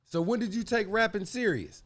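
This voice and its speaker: A man's voice: sits high, animated, a little fast, fairly bright tone. A man hosting a podcast, asking casual, slangy interview questions and laughing along. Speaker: podcast host. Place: podcast studio.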